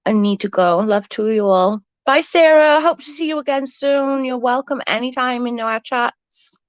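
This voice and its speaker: A woman's voice: high-pitched, normal speed, clear, resonant tone, dry recording. A woman chatting to viewers on a casual late-night livestream from her bed, rambling and swearing freely.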